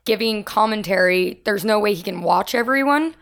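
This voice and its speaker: Gravelly-voiced enthusiastic woman. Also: mid-range voice, normal speed, a bit bright. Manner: enthusiastic, gushing. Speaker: podcast co-host. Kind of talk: casual chat.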